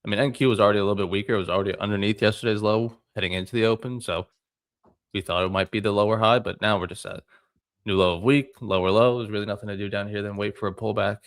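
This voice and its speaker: A man's voice: fairly low pitch, fairly even intonation, quick pace. A man co-hosting a live trading stream, self-deprecating in casual talk.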